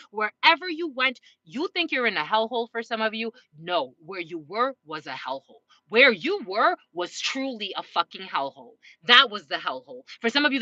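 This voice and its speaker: A woman's voice: fairly high pitch, sharp tone, dry recording, lo-fi sound. A woman giving a casual collective tarot reading, talking straight to her viewers with frequent swearing and little laughing asides. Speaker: tarot reader.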